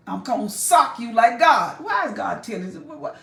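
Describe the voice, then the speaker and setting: A woman's voice: fairly high pitch, big pitch swings, normal speed, creaky, few pauses. A woman teaching a Bible chapter in a sermon, emphatic and folksy, talking straight at her listeners. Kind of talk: preaching Bible exposition. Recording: echoey room, mic far off.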